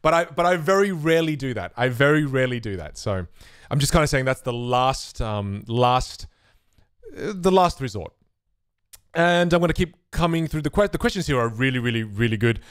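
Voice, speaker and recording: A man's voice: mid-range voice, normal speed, clean tone, no room sound, clean studio sound. A young man, a magic instructor, answering viewer questions on a live stream in a casual, chatty way and acting out the voices of spectators. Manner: chatty, animated, acts out voices of spectators and hecklers.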